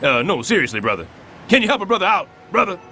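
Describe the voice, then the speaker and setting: An actor playing a loud, wisecracking, scheming middle-aged building super in an animated sitcom. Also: male voice, fast, a little hiss or hum, full character voice. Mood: wary. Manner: loud, wisecracking, swings wildly in pitch.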